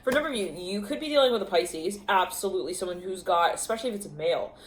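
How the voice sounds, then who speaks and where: A woman reads tarot aloud, in fragments, stopping short and laughing often. Her voice sits in an ordinary middle pitch. The room gives back a clear echo with a faint hum of ambience. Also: animated, rapid-fire. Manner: rambling, laughs often, talks in fragments while channeling. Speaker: tarot reader. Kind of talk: intuitive tarot reading to camera.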